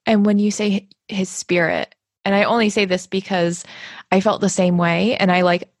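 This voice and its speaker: A woman's voice: mid-range voice, steady tone, moderate pace, dry recording, clean studio sound. A woman interviewing a guest, searching for words as she shares her own experience. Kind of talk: conversational interview.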